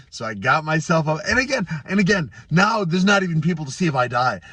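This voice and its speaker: A former fighter telling a story in a casual, animated, self-deprecating way, getting louder and quieter as he goes. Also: fairly high pitch, fast, breathy edge, no room sound.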